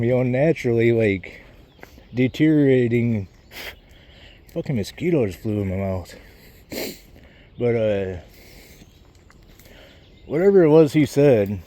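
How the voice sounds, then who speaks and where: Casual male vlogger, mid-pitch, mellow tone, walking and talking, winded, wandering off topic and cursing freely. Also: lively intonation, normal speed, pauses often. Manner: rambling, swears a lot, loses his train of thought. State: out of breath. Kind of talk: rambling casual vlog while walking outdoors. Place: outdoors on a walk, birds around.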